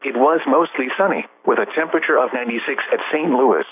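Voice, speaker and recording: A man reading an automated weather broadcast in a steady, measured, list-like way. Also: mid-range voice, breathy edge. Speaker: weather radio announcer. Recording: tinny weather radio broadcast with faint hum.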